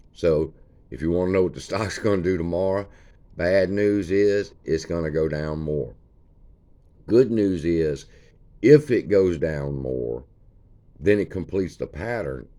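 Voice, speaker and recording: Very deep-voiced folksy man. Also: mellow. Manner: folksy, points at chart features as he talks. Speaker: stock channel host. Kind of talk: casual screen-share chart walkthrough.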